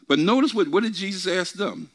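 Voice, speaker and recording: A man's voice: sits high, expressive, fairly bright tone. Guy preaching bible study, voice goes up and down a lot, keeps asking the room questions. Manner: asks the congregation questions and repeats himself; reads scripture slowly with emphasis. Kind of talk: bible teaching. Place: church meeting before a group.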